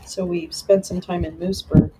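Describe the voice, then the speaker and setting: A woman's voice: on the low side, flat delivery, moderate pace, very noisy. A woman hosting a live stream, chatting casually with viewers and answering their comments in a meandering way with frequent restarts.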